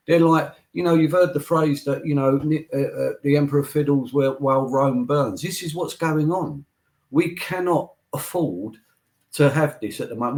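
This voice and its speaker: A man's voice: on the high side, a little mellow. A man as a guest in a political interview, emphatic and repeating his points like a speech.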